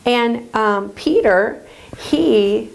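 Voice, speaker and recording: A woman telling a story to children at church, halting with many fillers. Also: fairly high pitch, animated, gravelly, a little hiss or hum, poor audio.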